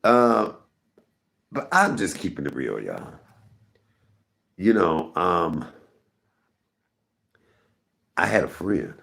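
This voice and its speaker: Man, middle-aged, stream host, casual rambling stories, very lively pitch, deep voice. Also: slow pace, creaky. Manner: rambling, candid, talks to chat. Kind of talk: casual storytelling to viewers.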